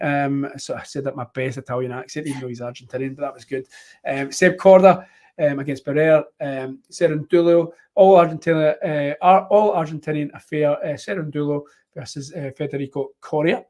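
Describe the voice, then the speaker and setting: A man's voice: a little high, fairly even intonation, brisk, a little mellow. A man hosting a casual live-stream chat, rambling with many ums and fillers. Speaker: host.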